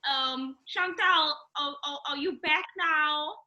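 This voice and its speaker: A South African woman hosting a chatty talk show over a video call, quick to laugh and apologize. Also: sits high, sharp tone, muffled recording. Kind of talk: casual chat.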